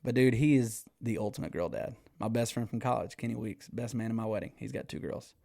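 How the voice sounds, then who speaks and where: A man's voice: on the low side, fairly quick, vocal fry, no echo, studio quality. Rowdy, laughing man swapping stories. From Texas. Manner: animated, swears freely, laughs often. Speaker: podcast guest. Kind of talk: casual storytelling.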